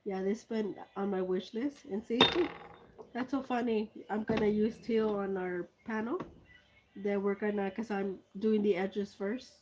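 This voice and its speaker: A woman chatting casually as she unboxes gifts for her video, gushing and excitable, swinging between loud squeals and soft, hushed thanks. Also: mid-range voice, unhurried, noisy background. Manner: gushing and excitable, many exclamations. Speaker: art vlogger.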